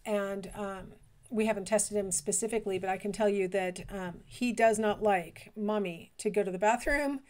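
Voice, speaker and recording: Middle-aged woman lecturer, mid-pitched, relaxed and conversational, lots of ums as she explains. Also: moderate pace. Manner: conversational, explanatory, with frequent fillers. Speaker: college lecturer. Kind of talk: recorded lecture.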